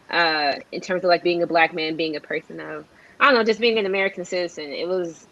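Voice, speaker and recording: A woman's voice: fairly low pitch, brisk, a bit bright, dull audio. A young woman co-hosting a news discussion, earnest and hesitant, with many "um"s and "like"s. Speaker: co-host.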